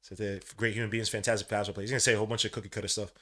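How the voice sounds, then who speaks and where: New guy hosting a live game watch-along, bright voice, slangy, gets loud and hyped. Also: very fast, breathy edge. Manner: excitable, swings from low mutters to loud cheering; casual slang, calls listeners bro and son. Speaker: podcast host.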